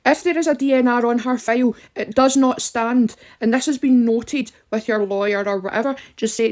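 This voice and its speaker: A woman's voice: on the high side, normal speed, few pauses, darkish tone. A woman giving emphatic, direct advice to listeners in an impassioned talk. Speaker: campaigner.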